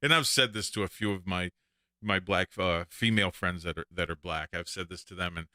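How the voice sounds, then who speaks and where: A man's voice: sits low, brisk, sharp tone, clean tone, no room sound, studio quality. A man with a Texan accent hosting a live call-in stream, telling stories and laughing often. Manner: storytelling, jokey, laughs often. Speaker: show host.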